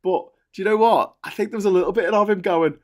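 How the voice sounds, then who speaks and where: A man with a Liverpool accent hosting a casual livestream chat, animated and joking with quick bursts of laughter. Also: sits high. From Liverpool, England. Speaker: host.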